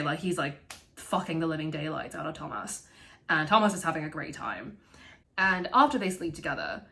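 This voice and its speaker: A woman talking through a film in a casual, animated way, swearing freely and laughing as she goes. Her voice sits fairly low but sounds bright and forceful. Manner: animated, profane, laughs often. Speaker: vlogger reviewing a film.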